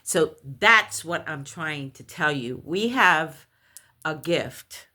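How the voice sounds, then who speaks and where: A woman recounting a personal paranormal experience, animated and halting, with many restarts when shaken. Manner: animated storytelling, acts out others' voices in high shrieks. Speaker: storyteller.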